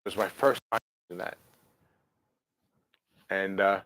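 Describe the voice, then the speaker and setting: A man's voice: on the low side, normal speed, long pauses, fairly bright tone, dry recording. Brief: man, rambling livestream host, dry close mic. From New Jersey. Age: 50s. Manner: rambling and chatty, with many fillers and self-corrections. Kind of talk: casual livestream chat answering viewer comments.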